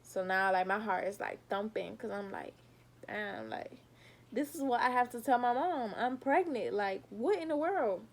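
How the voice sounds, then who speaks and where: Young adult woman, casual storytime vlogger, chatty and direct to camera, animated retelling, mid-pitched. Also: moderate pace. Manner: chatty, talks straight to viewers, animated retelling. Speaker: vlogger telling her own story.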